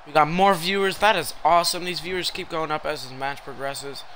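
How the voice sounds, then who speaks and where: A young man giving live commentary while he plays a wrestling video game, reacting loudly to every turn. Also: a little high, fairly even intonation, a little fast. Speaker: game streamer.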